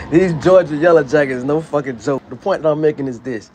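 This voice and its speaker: A man, ranting loudly and preachily into a handheld phone on a livestream outdoors. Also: a little high, normal speed, a little hiss or hum. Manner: loud, profane, preachy and emphatic. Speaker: livestream host. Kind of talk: profane ranting monologue. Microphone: phone held in hand.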